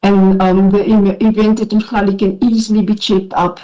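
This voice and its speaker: A South African woman testifying as a witness at a formal inquiry, emotional and shaky, speaking earnestly with halting restarts. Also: mid-range voice, flat delivery, mellow. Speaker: witness, former police investigator. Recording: dull lo-fi hearing recording.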